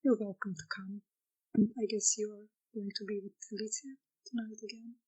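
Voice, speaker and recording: Soft-spoken husky woman player. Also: medium pitch, fairly even intonation, moderate pace, low-quality recording. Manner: quiet and soft, giggly. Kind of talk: casual tabletop play.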